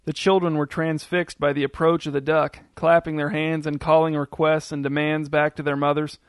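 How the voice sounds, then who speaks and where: A man narrating a scripted story with a steady, descriptive delivery. His voice sits a little higher than most men's. The recording is dry and close, with almost no room sound. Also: normal speed, clear, resonant tone, no room sound.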